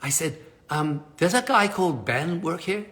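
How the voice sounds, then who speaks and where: A man's voice: fairly high pitch, animated, moderate pace, bright, forceful tone. A middle-aged man hosting a live stream, telling a personal story to his viewers and acting out the dialogue. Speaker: live stream host, speaker on change.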